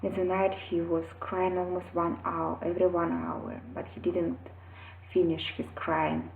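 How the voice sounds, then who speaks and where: A woman, a mother, earnestly telling her own story and giving parenting advice, acting out quotes with sudden loud and whispered shifts. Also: on the low side, level tone, unhurried, gravelly, slight background noise. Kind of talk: personal advice vlog. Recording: echoey, phone-like audio.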